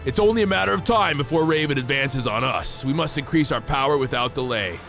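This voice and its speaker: A man streaming a game while sick with a cold, chatting in a playful, excitable way and coughing now and then. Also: mid-range voice, fairly quick, gravelly, soft background music. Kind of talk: casual live-stream gameplay chat.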